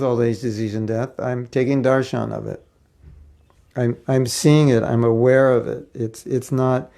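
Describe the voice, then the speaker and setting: Gravelly, mellow-voiced spiritual teacher. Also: male voice, medium pitch. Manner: conversational, rhetorical questions, acts out quotes. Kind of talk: online lecture class.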